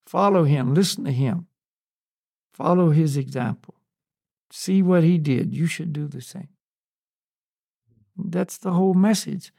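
A man in an unscripted spiritual discussion, talking slowly and searchingly with many restarts and "you know"s. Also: a little high, gravelly, mellow, no echo, clean studio sound. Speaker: podcast co-host on spiritual topics.

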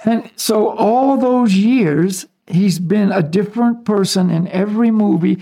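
With a higher voice, vocal fry, and no rush at all, this man from the US speaks as a spiritual teacher. He explains his ideas casually and conversationally, chuckling softly here and there.

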